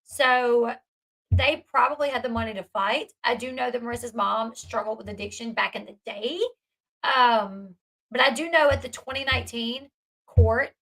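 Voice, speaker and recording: A woman's voice: on the high side, gravelly, fairly bright tone, rough recording. A young adult woman giving casual commentary and reacting to live chat, telling the story emphatically and with indignation. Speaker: online commentator.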